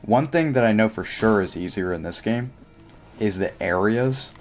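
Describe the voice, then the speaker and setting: A young man livestreams a game, chatting casually and thinking aloud with plenty of filler words. His voice is fairly low at a moderate pace, with soft music in the background.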